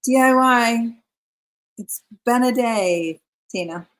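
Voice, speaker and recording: Speaking slowly with a fairly high pitch, a woman hosts a live craft stream. She keeps the chat casual, reading her viewers' comments aloud.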